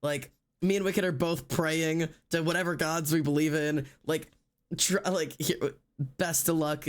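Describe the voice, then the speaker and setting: A man's voice: a little high, fairly even intonation, measured pace. A male streamer telling a story in casual chat, rambling with lots of fillers and acting out what people said. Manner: rambling, filler-heavy, acts out quotes.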